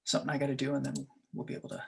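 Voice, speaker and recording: A man moderating an online session who speaks in a brisk, practical way from a distance from his microphone. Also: mid-range voice, monotone, vocal fry, a bit bright, slight background noise. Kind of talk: running a video call.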